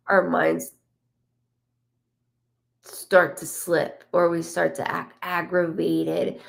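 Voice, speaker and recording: Woman medium on a live stream, gravelly edge, halting and gentle, passes on messages in first person. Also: fairly low pitch. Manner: relays a spirit's words in first person; soft, halting, full of restarts. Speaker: psychic medium.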